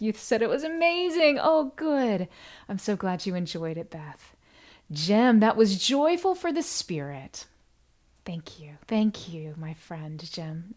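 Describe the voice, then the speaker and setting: A woman chats casually on a live stream, greeting viewers by name. Her voice sits at an ordinary middle pitch. She swings between gushing, high-spirited bursts and gentle, near-whispered thanks. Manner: effusive and grateful, with sudden bright excited bursts and soft hushed thank-yous.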